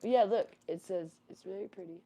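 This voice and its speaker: A woman's voice: medium pitch, brisk, mellow, slightly rough. A woman chatting casually with viewers on a livestream while fussing over her pet rabbit. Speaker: livestream host.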